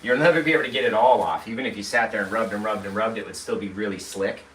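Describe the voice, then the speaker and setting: Upbeat and talkative, a painting instructor leads a live tutorial, guiding viewers step by step. He talks fast in a lowish, slightly bright voice, and the audio sounds roomy, with a distant mic and faint background noise.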